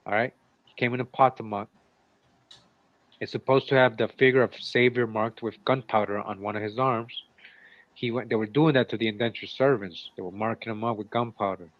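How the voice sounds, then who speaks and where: A man's voice: fairly low pitch, fairly even intonation, fairly quick. A man reading old runaway-servant ads aloud and commenting on them between lines as a show co-host. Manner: reads old runaway ads, breaks off with asides. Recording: dull, lo-fi sound.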